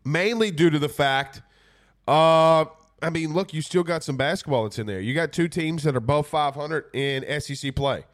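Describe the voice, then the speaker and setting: Sick sports-talk host, stuffy nose, laid-back rambling delivery, slightly high voice. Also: male voice, moderate pace. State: congested from a cold. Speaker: podcast host. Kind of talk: casual sports talk, reading viewer comments.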